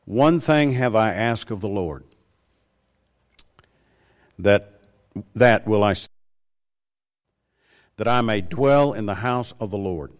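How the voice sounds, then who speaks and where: A man preaching a sermon, slowing down and lifting his voice to stress key phrases. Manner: rises in pitch and volume for emphasis, slows on key words.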